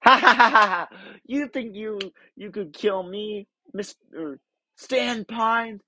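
A man's voice: sits high, takes it slowly, bright, forceful tone, a little hiss or hum, pitched above the performer's own voice, exaggerated voice. A man voicing a gleeful, menacing triangle demon from a cartoon, cackling and taunting.

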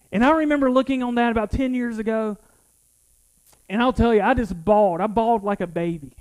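A middle-aged man with a strikingly high voice preaches an earnest, personal sermon. He often stumbles and repeats words as he restarts a thought. He sounds like a pastor talking to his own congregation. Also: brisk, a little mellow, low-quality recording.

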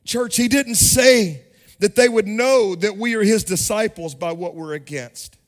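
A male pastor preaching a sermon in a sing-song cadence, rising to shouts at the high points. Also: unhurried. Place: church sanctuary.

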